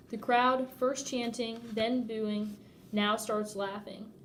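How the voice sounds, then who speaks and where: A woman reading a novel aloud in first person, expressive and often laughing at the text. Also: on the high side, slow pace, a little hiss or hum. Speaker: audiobook reader.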